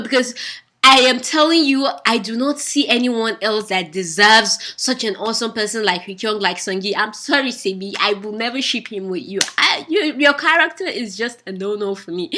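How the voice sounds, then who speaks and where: A young woman reviewing a TV drama in casual, gushing chat, excitable and quick to laugh. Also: a little high.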